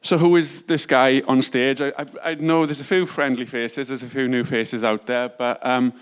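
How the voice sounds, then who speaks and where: A man in his forties, an estate agent, giving a conference talk in a humble, self-deprecating and slightly hurried way. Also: mid-range voice, fairly even intonation, clean tone. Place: conference stage.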